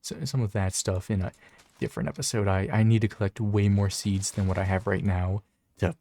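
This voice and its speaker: A man's voice: on the low side, steady tone, fairly quick, warm tone. A man giving casual, rambling commentary over his own gameplay, often stammering and restarting his sentences. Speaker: gaming YouTuber.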